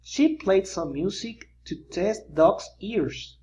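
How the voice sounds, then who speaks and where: A reader narrating a children's picture book aloud, with lively storytelling and pointing asides. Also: mid-range voice, slow pace.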